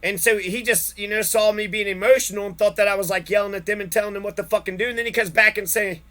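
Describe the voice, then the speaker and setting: He talks fast, his high voice sharp and steady as he vents. It's a long, angry monologue about something that happened to him, full of swearing and circling back over the same points.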